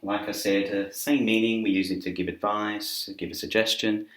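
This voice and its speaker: Man, very low voice, English teacher, casual chatty lesson, echoey indoor room. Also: moderate pace. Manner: relaxed, chatty, gives spoken examples with filler words. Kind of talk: casual grammar lesson to camera. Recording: roomy echo.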